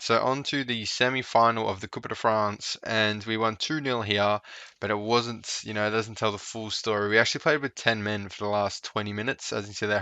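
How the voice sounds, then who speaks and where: A man's voice: fairly low pitch, bright, forceful tone, no echo. A young man chatting casually through his football management game, talking to his players on screen as he goes. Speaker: gaming YouTuber. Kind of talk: casual let's-play commentary. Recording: dull, slightly lo-fi sound.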